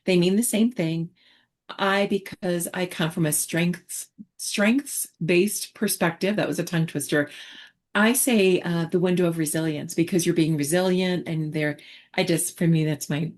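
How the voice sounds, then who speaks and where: A woman therapist explaining her approach in a relaxed online teaching chat, talking reflectively with many fillers and restarts. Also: fairly low pitch, measured pace. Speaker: therapist presenter.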